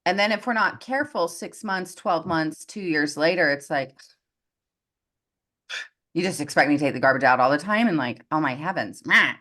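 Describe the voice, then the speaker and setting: A woman coaching on a live group call, lively and expressive, acting out quoted voices as she talks. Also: deep voice, normal speed, pauses often. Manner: animated, acts out quoted voices. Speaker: success coach.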